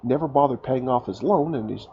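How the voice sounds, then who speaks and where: Stuffed-up gravelly man narrating gameplay. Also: mid-range voice, a little fast, narrow, tinny audio, slight background noise. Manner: chatty, self-mocking, thinking aloud. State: stuffed up from a cold. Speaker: gaming YouTuber. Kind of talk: casual let's-play commentary.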